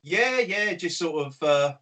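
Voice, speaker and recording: Relaxed South London man, lots of fillers. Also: on the high side, measured pace. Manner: relaxed, hesitant with many fillers. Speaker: podcast guest. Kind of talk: casual chat. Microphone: video call.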